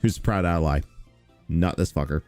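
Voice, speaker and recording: A man's voice: deep voice, moderate pace, darkish tone, faint music behind. Sarcastic profane male commentator. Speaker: streamer commentary host. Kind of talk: reaction commentary on stream clips.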